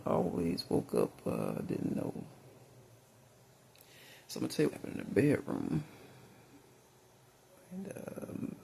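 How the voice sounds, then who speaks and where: Gravelly rambling storyteller. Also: male voice, medium pitch, a little mellow, a little hiss or hum. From Mississippi. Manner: rambling, many fillers and restarts. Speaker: vlogger.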